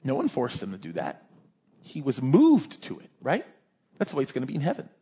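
A male pastor preaching a sermon in a lively, conversational way, often tossing in "right?" asides. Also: medium pitch, a little fast, breathy edge, highs cut off.

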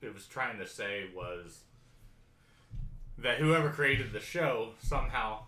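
A man's voice: mid-range voice, expressive, slow pace, bright, forceful tone. A man in a casual podcast chat, hesitant and searching for words with many fillers. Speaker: podcast co-host. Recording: echoey room.

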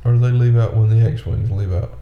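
A man co-hosting a casual movie commentary chat, laid-back and quick to quote characters in asides. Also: mid-range voice, narrow, tinny audio. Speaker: podcast co-host. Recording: echoey room with faint background noise.

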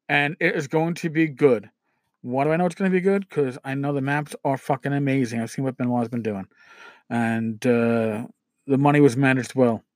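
A man hosts a casual podcast and rants freely, swearing often and stumbling through fillers and restarts. His voice sits a little high for a man. The sound is dry and close, with no room around it. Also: dry recording. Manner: ranting, profane, frequent fillers and restarts. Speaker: podcast host. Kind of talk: casual solo podcast commentary.

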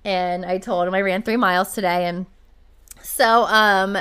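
A woman hosts a casual podcast as a running coach. Her voice is smooth and clear, and her pitch sits in the middle. She talks in a chatty, upbeat, storytelling way. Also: fairly even intonation, a little slow, fairly bright tone.

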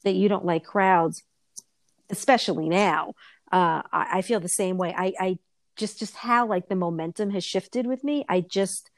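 A woman's voice: moderate pace, no echo, studio quality. Chatty middle-aged woman telling stories. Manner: rambling storyteller, frequent restarts and laughter, swinging pitch when quoting. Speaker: co-host of a chat show. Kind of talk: casual chat.

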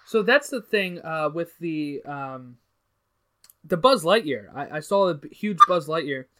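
A man's voice: fairly high pitch, expressive, measured pace, bright, forceful tone. A man hosting a casual podcast chat, asking curious questions with hesitant fillers. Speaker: podcast host.

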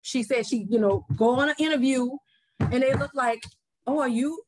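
Against a noisy background, a woman from New Orleans, US, tells a story as a podcast guest in a casual interview. Her high-pitched voice moves at normal speed as she acts out the voices of people she quotes and often repeats her words.

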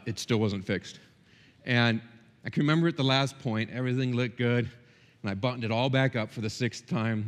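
A middle-aged male pastor preaching a sermon in a church, impassioned, swinging between loud peaks and quiet, intimate stretches. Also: mid-range voice, long reverb tail. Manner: impassioned, rising and dropping sharply for emphasis. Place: church hall.

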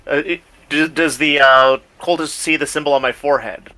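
Bright-toned guy playing a tabletop game, hesitant, laughs a lot. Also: fairly high pitch, steady tone, normal speed. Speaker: player.

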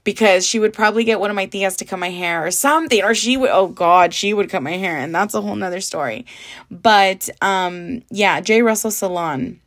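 A woman's voice: mid-range voice, normal speed, fairly bright tone. A young adult woman from the Southern California desert, hosting a casual solo podcast in a candid, chatty way that mixes in Spanish and swearing. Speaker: podcast host.

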